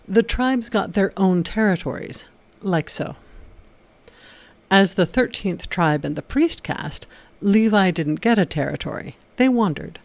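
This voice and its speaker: A woman hosting an educational video, reading a scripted narration in a steady explanatory way with occasional wry asides. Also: lowish voice. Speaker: video essay host.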